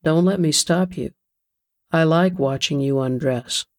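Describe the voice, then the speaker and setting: Give me a reader playing a possessive, menacing husband who talks low and slow. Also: male voice. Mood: suggestive. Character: brooding possessive husband, menacing and heavy-breathing.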